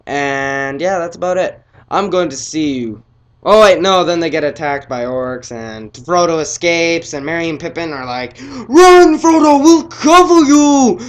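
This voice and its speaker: A teenage boy casually reviewing a film, excitable and rambling, his voice often trailing off quietly. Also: fairly high pitch, normal speed, smooth.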